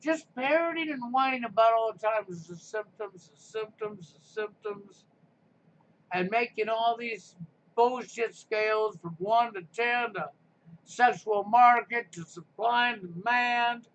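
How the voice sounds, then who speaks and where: A man's voice: very high-pitched, unhurried, a bit bright. A man hosting a live stream, delivering a combative, sarcastic rant. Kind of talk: ranting live stream monologue. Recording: muffled lo-fi stream audio with faint noise.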